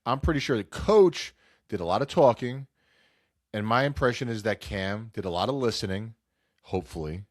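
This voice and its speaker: A man's voice: on the low side, expressive, normal speed, dry recording, clean studio sound. Stuffy-nosed man rambling about sports. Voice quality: nasal. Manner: rambling, self-interrupting, acts out quotes. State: stuffy nose from a cold. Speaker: sports podcast host. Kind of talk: casual solo sports talk.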